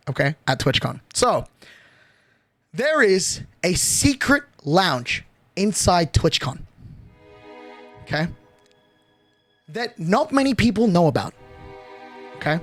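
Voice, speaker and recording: Young male streamer, high-pitched, excitable storyteller, casual swearing. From Australia.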